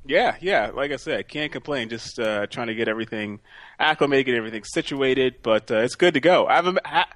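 A man's voice: medium pitch, a little fast, fairly bright tone, no room sound. A man as a podcast guest, chatting casually in an easygoing, laid-back way. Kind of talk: casual chat.

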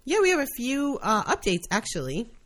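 A woman co-hosting a podcast in casual chat, relaxed and wry, often brief. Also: on the high side, a little fast. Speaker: podcast co-host.

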